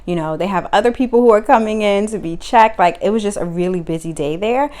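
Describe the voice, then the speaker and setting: A young woman, telling her own story to camera in casual vlog style, acting out what people said. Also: fast talker. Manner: animated, acts out quotes with sudden high pitch jumps.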